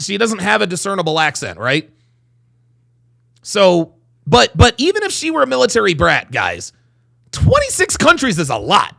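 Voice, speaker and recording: A man hosting a livestream, reacting to a clip with loud, profane commentary. His voice swoops up and down and has a gravelly, bright edge. He stutters on phrases and drags out words to hammer his points home. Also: sits high. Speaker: host reacting to a video clip.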